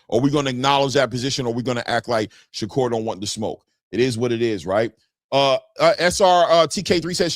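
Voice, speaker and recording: Animated man hosting a boxing livestream. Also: a little high, no echo, studio quality. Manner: animated, repetitive, slangy, laughs often. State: just woke up. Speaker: boxing talk livestream host. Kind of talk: casual livestream chat reading super chats.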